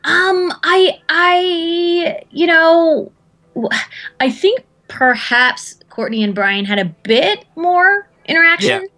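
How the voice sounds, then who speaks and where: A woman's voice: very high voice, animated, slow, sharp tone. A woman guesting in a casual interview, rambling and self-deprecating, restarting her sentences often. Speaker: voice actor guest.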